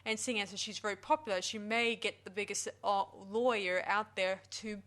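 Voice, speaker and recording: A woman's voice: medium pitch, steady tone, moderate pace, fairly bright tone. A woman hosting a casual film review podcast, retelling the plot at length with fillers and self-corrections. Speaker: podcast host.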